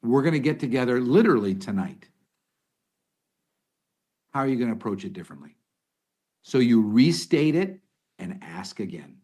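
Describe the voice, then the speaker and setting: A man's voice: medium pitch, moderate pace, pauses often. A middle-aged man talking as an expert guest, giving conversational advice and acting out example lines as he goes. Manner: animated, restarts sentences, acts out example lines. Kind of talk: conversational advice in a podcast interview.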